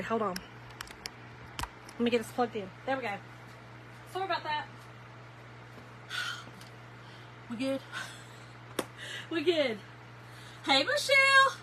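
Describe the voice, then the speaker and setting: A chatty woman hosting a craft live stream with a high voice. She talks straight to her viewers and greets them by name. Her voice sits over noticeable background noise. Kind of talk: casual live-stream chat.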